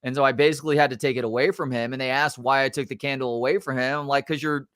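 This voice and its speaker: A middle-aged man, a sports talk show host, telling a story in a casual, animated and exasperated way, swearing now and then. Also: mid-range voice, rapid-fire, smooth, no room sound, studio quality.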